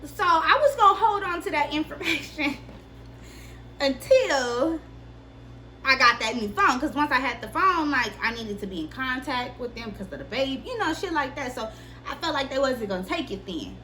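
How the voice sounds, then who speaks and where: A young woman casually telling a personal story on her vlog, candid and profane, with lively delivery. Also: sits high, moderate pace, a little hiss or hum. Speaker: vlogger.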